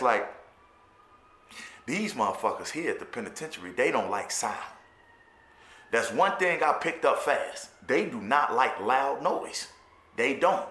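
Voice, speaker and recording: A man's voice: medium pitch, bright, forceful tone. A man with a Chicago accent telling his own life story in a candid, profane way, often stammering and repeating words. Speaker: formerly incarcerated storyteller. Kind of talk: candid personal storytelling monologue. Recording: roomy echo.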